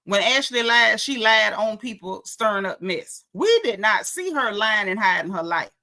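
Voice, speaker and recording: A woman's voice: mid-range voice, expressive, normal speed, pushed and bright. A woman giving a sassy, slangy recap of a reality show episode, gossiping and calling out the cast.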